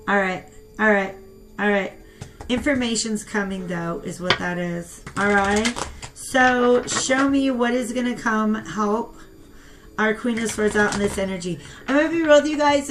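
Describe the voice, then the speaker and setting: A young woman reads tarot cards in a loose, conversational way and keeps calling out to her viewers. Her voice sits at a medium pitch. Soft music plays faintly behind her. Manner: chatty and animated, talks to viewers as "you guys". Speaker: tarot reader. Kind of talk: casual spoken tarot reading.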